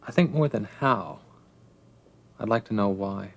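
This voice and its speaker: Calm sincere surgeon, radio drama. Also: male voice, fairly low pitch, unhurried, vocal fry. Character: calm steady male surgeon.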